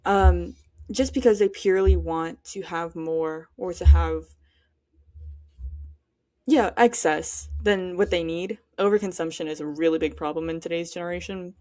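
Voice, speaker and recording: A woman's voice: on the low side, unhurried, dark tone, no room sound, studio quality. A teenage girl hosting a solo podcast, chatting casually and giving her opinions while she thinks aloud with lots of fillers. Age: teens. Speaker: podcast host.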